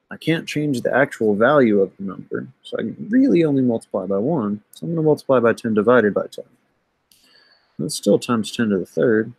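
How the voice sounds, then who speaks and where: A man teaching math, walking through exam solutions in a conversational way, often pausing with "um" and checking in with "right?". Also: mid-range voice, darkish tone, husky, no echo, low-quality recording. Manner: conversational, thinks aloud with many "um" and "right?". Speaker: math instructor. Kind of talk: recorded lecture going over an exam.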